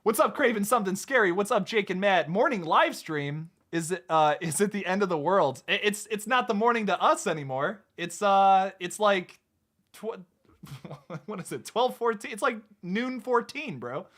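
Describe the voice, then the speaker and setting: A man hosting a casual live stream chat, excitable, laughing often and restarting his sentences. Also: high-pitched, moderate pace. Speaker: host.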